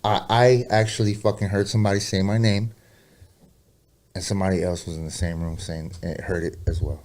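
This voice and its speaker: Deep-voiced, profane storytelling man. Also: flat delivery, brisk. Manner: rambling and profane, with slangy asides; drops low and quiet for eerie moments. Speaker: podcast guest, rapper. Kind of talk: casual storytelling interview.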